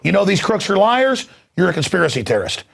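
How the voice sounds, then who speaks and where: A male talk show host delivering an angry, heated political rant, mocking and shouting at times. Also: high-pitched, big pitch swings, a little fast, creaky.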